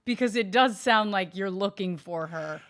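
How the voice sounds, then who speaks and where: A woman co-hosting a casual comedy podcast from a studio. She teases her partner in a dry, deadpan way, and her pitch sits in an ordinary middle range. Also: moderate pace. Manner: teasing, deadpan ribbing. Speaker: podcast co-host.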